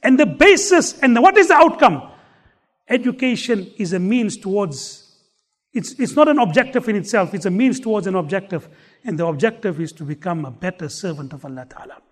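A man delivering a sermon in a very high voice for a man. He tells a story, recites scripture, and drives his points home by repeating them with emphasis. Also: expressive, a little fast. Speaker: preacher.

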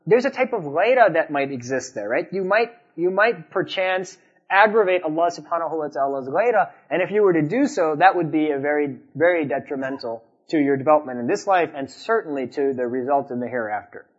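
A man's voice: a little high, expressive, fairly quick, breathy edge. A man giving a conversational sermon, telling anecdotes and asking the audience questions. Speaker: Islamic preacher. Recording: dull lo-fi recording.

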